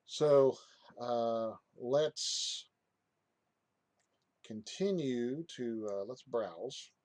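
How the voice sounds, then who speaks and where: A man giving a casual software walkthrough, hesitant, with many fillers and restarts. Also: mid-range voice, very slow, no echo. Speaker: software reviewer. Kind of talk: casual screen-recorded tutorial.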